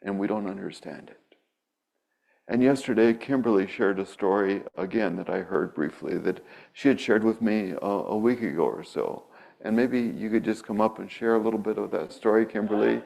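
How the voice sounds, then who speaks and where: A man with a fairly low voice preaches in a church. He talks in a relaxed, conversational way, drifting into stories from his own past as a pastor. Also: gravelly, rough recording. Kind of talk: sermon. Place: church sanctuary.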